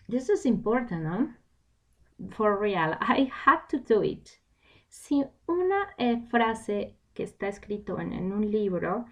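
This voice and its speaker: A woman teaching an online English class from home, explaining a textbook and switching into Spanish now and then. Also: on the high side. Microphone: home computer mic.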